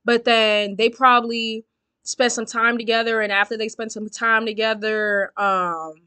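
Young woman, high bright voice, dry close sound, blunt and sassy casual commentary. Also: flat delivery, unhurried, smooth, no echo. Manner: blunt, sassy, swears a lot. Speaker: reality show commentator.

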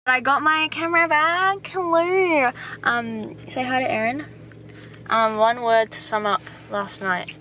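A woman's voice: high voice, pushed and bright, slight background noise. A young woman, chatting casually and teasing her friend for her vlog. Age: young adult. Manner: playful, teasing, quick to laugh. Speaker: vlogger.

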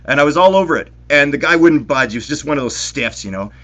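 A middle-aged man from Winnipeg, telling stories to friends on a podcast in an excitable, animated way with plenty of swearing. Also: fairly high pitch, fast talker, dull audio. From Winnipeg, Canada. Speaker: podcast co-host. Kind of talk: casual storytelling among friends.

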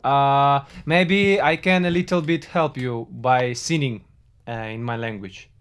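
A man's voice: mid-range voice, measured pace, a bit bright, clear, resonant tone. A man from Russia with a Russian accent, chatting in a friendly way with strangers on a video call. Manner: friendly, teaching words, breaks into song. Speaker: musician host. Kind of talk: casual video chat.

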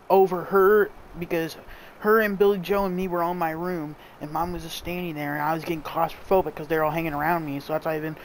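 A man's voice: on the high side, slight background noise, rough recording. A young man chatting casually while streaming a game, telling stories in long run-on rambles. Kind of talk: casual chat while gaming.

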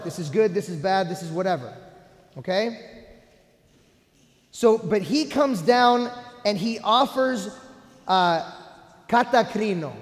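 A man, a priest, preaching a sermon with emphatic delivery and rhetorical questions to his congregation. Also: sits high. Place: church sanctuary. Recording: roomy church echo with long reverb.

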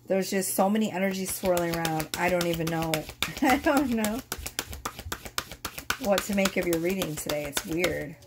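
A woman's voice: medium pitch, darkish tone. A woman in her thirties who is losing her voice, chatting casually and swearing as she reads tarot cards to camera. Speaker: tarot reader.

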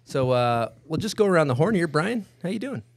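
A man hosting a casual podcast show, chatting in quick, upbeat banter with guests in a studio. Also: on the high side, very animated, dry recording. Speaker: podcast host. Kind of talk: casual chat. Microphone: studio mic.

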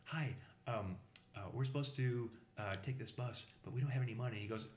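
Speaking briskly in an ordinary middle pitch, a Boston-born podcast guest rambles through a lengthy travel story in casual chat. He stumbles over fillers and restarts, imitates the people he quotes, and sounds like he's in an echoey room.

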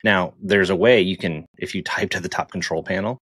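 A man co-hosting a casual tech podcast, chatty and animated, laughing easily as he talks. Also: sits low, a little fast, husky, dry recording. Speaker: podcast co-host.

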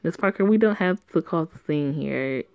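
A woman's voice: low voice, animated, moderate pace, gravelly, no echo, narrow, tinny audio. A woman voicing a tomboyish teenage girl who speaks in a blunt, defiant way. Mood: earnest.

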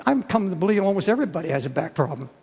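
An older man delivers an earnest sermon in a large church, his voice high for a man and gravelly. He halts and restarts often, and the sound carries a long hall reverb. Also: sing-song, darkish tone. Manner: earnest, halting with repeated restarts. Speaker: pastor.

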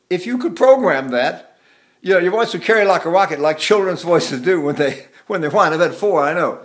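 Older guy teaching singing, kinda high voice, chatty, hums and sings little demo sounds. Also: brisk. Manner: demonstrates hums and sung syllables mid-explanation; chatty, folksy asides. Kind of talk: vocal lesson with demonstrations.

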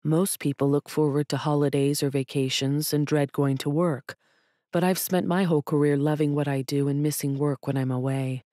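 Brief: woman narrator doing an earnest, wounded businessman boss, subdued, lowish voice, dry close sound. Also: steady tone, normal speed, dark tone, no echo, lightly acted.

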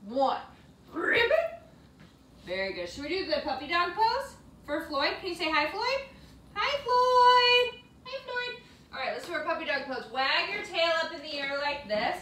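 A woman's voice: high-pitched, bright, forceful tone, a little hiss or hum. A woman leading a children's yoga class in a playful, sing-song, coaxing way, with animal sounds along the way. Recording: roomy sound from a distant mic.

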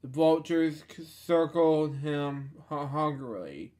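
Halting man reading a storybook, deadpan asides. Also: on the high side. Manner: halting, stumbling over words. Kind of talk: reading a children's storybook aloud.

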